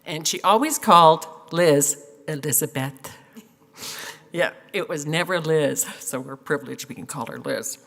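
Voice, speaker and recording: A woman's voice: low voice, measured pace, vocal fry. An older woman giving a funeral eulogy, telling stories with fillers and laughs, tearful at times. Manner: warm storytelling with fillers and laughs. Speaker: eulogy speaker. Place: funeral hall. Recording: echoey hall.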